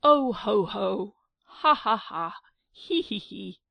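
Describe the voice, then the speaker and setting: A woman's voice: mid-range voice, very animated, slow, no echo. A woman reading an audiobook and voicing an indignant young prince who mocks his sweetheart. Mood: mocking. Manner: mocking, laughing and indignant.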